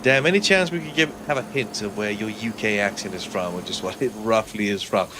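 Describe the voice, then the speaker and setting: A man's voice: fairly low pitch, brisk, noisy background. A man whose first language is not English, with a mixed, upper-class English-sounding accent, chatting dryly and swearing while streaming a game and reading chat. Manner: dry, jokey, swearing often.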